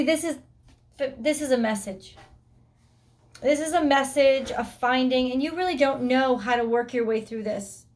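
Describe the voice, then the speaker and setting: A woman giving a weekly tarot reading, speaking bluntly and emphatically, swearing freely and voicing the listener's thoughts. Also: on the high side. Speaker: tarot reader.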